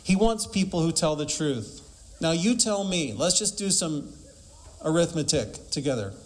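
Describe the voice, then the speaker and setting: A man's voice: on the high side, animated, moderate pace. A man preaching a sermon emphatically, asking rhetorical questions and quoting scripture.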